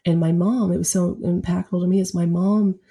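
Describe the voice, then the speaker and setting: Low, gravelly-voiced woman guest. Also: little pitch movement, brisk, warm tone. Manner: heartfelt, reflective storytelling. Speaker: guest poet. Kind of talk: podcast interview.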